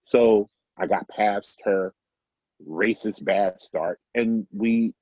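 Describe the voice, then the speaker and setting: A middle-aged man casually telling a personal story, animated and self-amused, acting out the dialogue. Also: on the low side, slow, no echo, dull audio. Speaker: guest storyteller.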